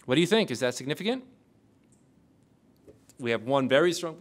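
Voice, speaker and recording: A man lecturing a class, quizzing the audience with rapid questions. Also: medium pitch, sing-song. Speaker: lecturer on intelligence oversight.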